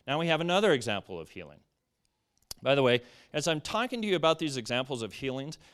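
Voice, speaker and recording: A man preaching a sermon to a church congregation, reading scripture aloud and explaining it in an animated way. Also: mid-range voice, clean tone.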